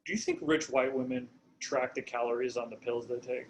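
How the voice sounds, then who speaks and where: A man's voice: mid-range voice, steady tone, brisk, slight background noise, poor audio. A man co-hosting a podcast, rambling and laughing through casual banter. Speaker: podcast co-host. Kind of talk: casual chat.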